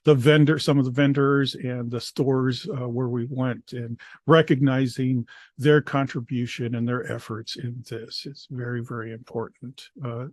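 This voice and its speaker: Guy giving a talk, lots of uh pauses, mid voice, dry close sound. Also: medium pitch, no echo. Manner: halting, many filler pauses. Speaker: extension program presenter. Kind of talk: conference presentation.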